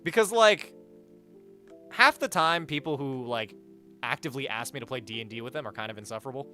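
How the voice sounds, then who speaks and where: Lively bright-voiced man ranting on stream. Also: mid-range voice, a little fast, faint music behind. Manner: animated and blunt, swears freely, rants. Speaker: livestreamer. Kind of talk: casual livestream chat, reading donations and chat aloud.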